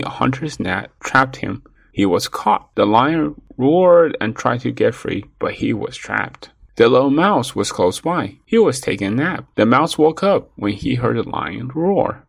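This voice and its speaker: A man narrating a children's story in an expressive storytelling manner. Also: mid-range voice, unhurried, gravelly, breathy edge, no room sound.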